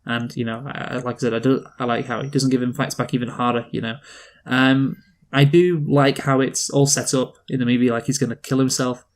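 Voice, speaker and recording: A man's voice: mid-range voice, level tone, a little fast. A man co-hosting a film review podcast in casual chat, rambling with frequent restarts and fillers. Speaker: podcast co-host reviewing films.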